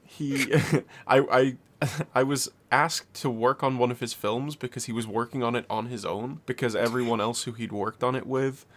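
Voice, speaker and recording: A man's voice: mid-range voice, steady tone, normal speed, a bit bright, slight background noise. Young man telling a rambling funny story. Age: young adult. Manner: rambling, laughs mid-story, swears freely. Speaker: podcast co-host. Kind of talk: casual storytelling.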